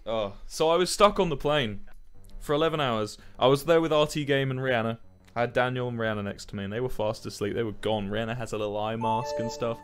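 A young man chatting casually to his stream viewers, telling stories in a rambling, animated way with plenty of swearing. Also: mid-range voice, fast, clean tone, soft background music.

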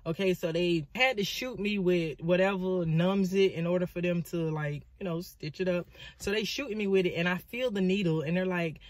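Woman vlogger; lively, dramatic storytelling with asides; dry, close recording. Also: lowish voice, moderate pace, dry recording. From Florida, US. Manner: animated, dramatic retelling with lots of asides. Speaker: vlogger and motivational speaker. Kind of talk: storytelling vlog.

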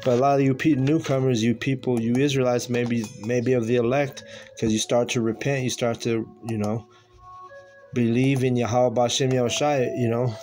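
Man, mid-pitch, casual slangy preacher, rambling delivery, faint music underneath. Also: fairly even intonation, moderate pace, a little mellow. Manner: loose and conversational, slangy, with many restarts and filler words. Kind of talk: casual scripture teaching.

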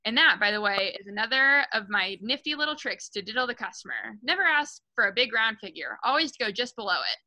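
A woman with a fairly high, expressive, sharp voice reads a children's novel aloud to a book club, speaking briskly with few pauses. She's casual and unpolished, stumbling and correcting herself at times and raising her voice for the characters' quoted lines. The recording quality is low.

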